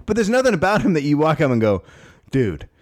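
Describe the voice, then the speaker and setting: A man's voice: fairly high pitch, very animated, racing. A middle-aged man co-hosting a casual comedy podcast, telling stories with acted-out quotes and plenty of swearing. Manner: storytelling, acts out quotes, swears. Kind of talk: casual chat.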